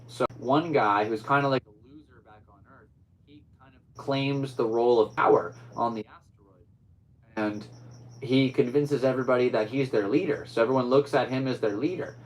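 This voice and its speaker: A man hosting a solo podcast chats casually in a mid-range, steady voice at a moderate pace, rambling along and closing with upbeat sign-offs. The audio quality is poor.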